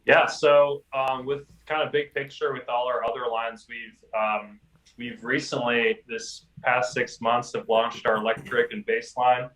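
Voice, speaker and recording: A man being interviewed about his company's products, speaking easily with many pauses and restarts. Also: medium pitch, level tone, fairly bright tone. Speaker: interviewee from an instrument maker. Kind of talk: recorded interview. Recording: roomy, distant mic.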